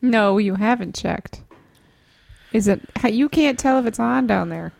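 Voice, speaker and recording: A woman's voice: fairly high pitch, unhurried, gravelly, darkish tone. A woman co-hosting a podcast in casual chat, bossy and nagging with her partner. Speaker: podcast co-host.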